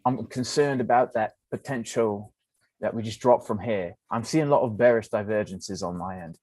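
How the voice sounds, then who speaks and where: Wisecracking co-host trader. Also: male voice, fairly low pitch, normal speed, a little mellow, dry recording. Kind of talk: casual joking chat.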